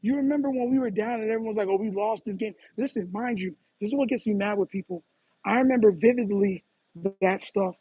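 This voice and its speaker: A young man chatting on a live stream, animated and repetitive, calling people "bro" as he talks to his chat while running errands. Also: high voice, fast, husky, no echo, muffled recording. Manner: animated, repeats himself, says "bro" a lot.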